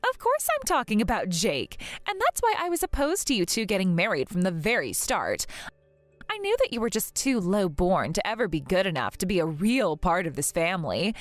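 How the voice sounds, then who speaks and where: A haughty rich young woman, voiced by a woman in an animated story drama, speaking with mocking, sing-song contempt. Her voice leaps up and down in lively swings. It sits dry and close, with faint music underneath. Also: mid-range voice, no echo, close to an everyday voice.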